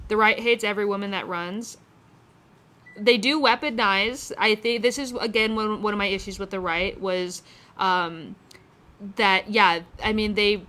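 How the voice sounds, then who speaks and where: A woman's voice: mid-range voice, a bit bright. A woman hosting a casual livestream outdoors on a windy day, answering viewer chat in a loose, rambling and profane way, with many restarts, speaking close into a phone mic.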